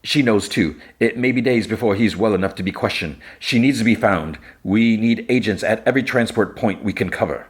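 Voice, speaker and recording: Man reading as a defensive female officer under questioning, brisk, raised tone. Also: on the low side, husky, pitched above the performer's own voice. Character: cold intelligence officer woman under interrogation.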